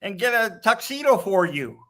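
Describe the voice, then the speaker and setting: A man's voice: high voice, big pitch swings, normal speed, a bit bright. A man in his sixties hosting a casual live stream chat, teasing his friends. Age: 60s. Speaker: host.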